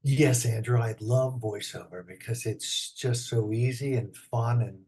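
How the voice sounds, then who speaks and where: A raspy-voiced man with a New York accent, an actor and comedian guest telling jokey stories in a casual interview. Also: mid-range voice, unhurried. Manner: joking, animated storyteller who slips into voices.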